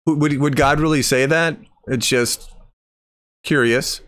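A man's voice: a little high, measured pace, a bit bright. Incredulous man critiquing a clip. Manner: incredulous, critical, rambling with restarts. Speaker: commentator. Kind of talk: video commentary.

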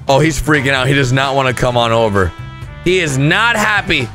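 A young man commentating on gameplay clips with excited outbursts and shouts. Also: on the high side, normal speed, gravelly, soft background music. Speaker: gaming commentator.

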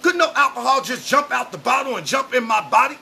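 A man preaching an emotional street sermon straight to camera, often shouting. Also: very high voice, brisk, gravelly, slightly rough. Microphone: camera mic, speaking to camera.

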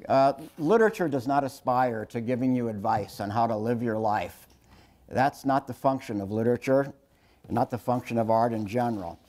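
A man's voice: medium pitch, darkish tone. Wry sixty-something man giving a lecture. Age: 60s. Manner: wry, self-deprecating, halting with restarts. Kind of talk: public lecture told through stories. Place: lecture hall with an audience.

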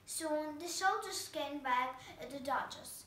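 A woman reading a storybook aloud in a careful, halting way, in a roomy, distant recording with faint hum. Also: sits high, fairly bright tone. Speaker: reader. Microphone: distant mic.

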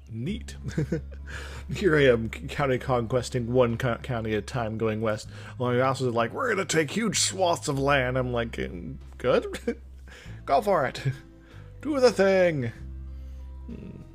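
A young man giving casual let's-play commentary, rambling, mumbling and chuckling to himself as he plays. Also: medium pitch. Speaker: gameplay commentator. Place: indoor room with loud trucks outside.

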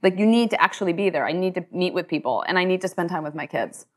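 A woman, a company co-founder and chief executive, answering onstage questions in a lively, chatty way with many "like" and "um" fillers. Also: on the low side. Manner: talkative, quick, full of "like" and "um" fillers. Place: university lecture hall.

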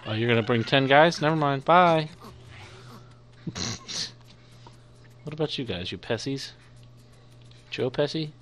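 A man's voice: mid-range voice, a little slow, pauses often, a little hiss or hum. A young man giving playful let's-play commentary, chatting to the creatures on screen as he plays. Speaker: gaming YouTuber.

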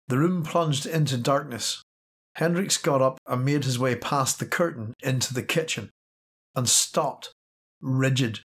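A man reading science fiction aloud as an audiobook narrator, steady and measured. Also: medium pitch, breathy edge. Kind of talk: scripted narration.

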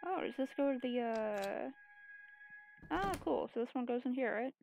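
A woman's voice: on the high side, expressive, normal speed, gravelly, a little mellow, a little hiss or hum, low-quality recording. A woman streamer casually thinking aloud while playing a puzzle game. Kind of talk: casual game let's-play commentary.

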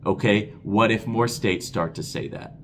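A man hosting a casual Q&A vlog, expressive and excitable, his voice rising when he gets worked up, talking to viewers as guys and man. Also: on the low side, measured pace, a little hiss or hum. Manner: expressive, talks with his hands. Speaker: crypto channel host.

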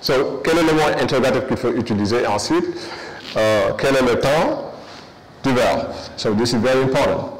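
A man's voice: mid-range voice, fairly quick. Echoey man teaching. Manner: switches between English and French, many fillers. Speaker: English teacher. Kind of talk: classroom review lesson.

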